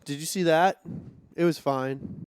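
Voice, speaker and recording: Male co-host, relaxed and easy to amuse, slightly higher voice, dry studio sound. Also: a little slow, clear, resonant tone, no echo. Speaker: podcast co-host. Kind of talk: casual chat.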